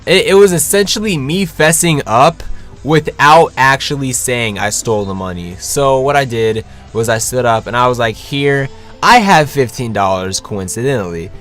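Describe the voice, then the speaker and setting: A young man tells a story to his viewers in a casual, lively way, jumping into other people's voices as he goes. His pitch holds to the middle of the male range, and he swears freely. Faint music plays behind him. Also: normal speed. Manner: animated, swears freely, acts out quotes. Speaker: vlogger.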